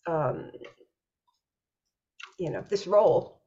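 A woman's voice: on the low side, expressive, slow, dark tone, husky. Thoughtful woman host on a dull line. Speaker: podcast host. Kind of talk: interview conversation.

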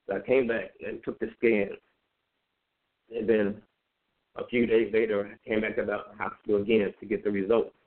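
A man telling his personal story in a halting, conversational way, with many fillers and repeated words. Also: on the low side, flat delivery. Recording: phone-like narrow band.

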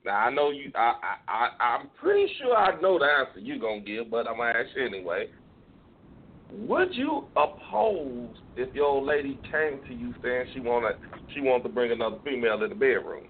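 A man co-hosting a radio show, talking in casual comedic banter. He is animated and profane and often stammers and restarts. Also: mid-range voice, fairly quick. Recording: lo-fi phone-like sound with faint noise.

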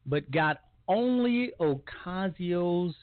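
A man's voice: high-pitched, expressive, slow pace, no echo. Sarcastic male talk show host, phone-thin. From Puerto Rico. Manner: rambling, sarcastic, many fillers. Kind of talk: opinion talk show monologue. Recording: dry, phone-like sound.

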